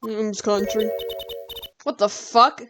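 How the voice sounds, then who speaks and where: A woman's voice: medium pitch, fairly even intonation, slow, music in the background. A young woman hosting a game stream, reacting with laughs and swearing in casual commentary. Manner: giggly, swears, reacts loudly. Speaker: streamer host. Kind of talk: casual let's-play commentary.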